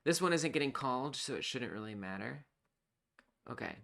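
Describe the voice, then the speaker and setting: A game developer on a live coding stream, thinking aloud while debugging, excitable and self-talking. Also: mid-range voice, normal speed, creaky.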